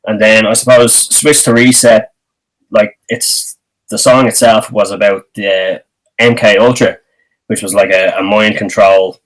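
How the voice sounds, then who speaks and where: An Irish band member explaining things at length in an interview, with hesitant fillers. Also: male voice, lowish voice, fairly even intonation, unhurried, low-quality recording. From Ireland.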